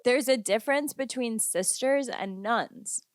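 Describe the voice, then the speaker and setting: A woman's voice: a little high, a little slow, dry recording, studio quality. A young woman co-hosting a podcast, telling chatty stories in a casual, laughing way. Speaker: podcast co-host. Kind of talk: casual chat.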